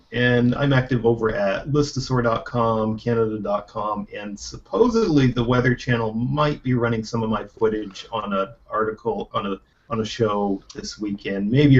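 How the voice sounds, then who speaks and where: A man chatting on a panel over a video call, rambling and tripping over his words. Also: fairly low pitch. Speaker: panelist, writer. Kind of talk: casual panel chat. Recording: dull lo-fi call audio.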